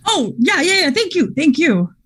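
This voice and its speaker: A woman playing a tabletop game in character, excitable and tripping over her words. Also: very high voice, normal speed. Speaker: player.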